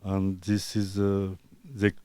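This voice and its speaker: An Azerbaijani artist whose native language is Talysh answers interview questions in broken, halting English, filled with pauses and fillers. His voice is deep and darkish, his delivery completely flat, and there's no echo.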